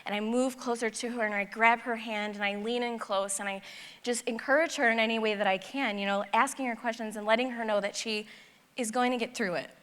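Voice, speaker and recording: Woman, conference speaker, bright and fairly high voice, lively storyteller who acts out dialogue, long reverb of a large hall. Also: a little fast. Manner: animated, acts out dialogue in her stories. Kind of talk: personal storytelling talk.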